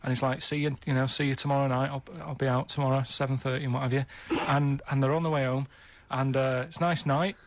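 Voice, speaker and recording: A man's voice: medium pitch, level tone, fast, few pauses. A man on a radio show telling a long, rambling story in a plodding way, repeating himself and checking in with "right?" at every turn. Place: radio studio.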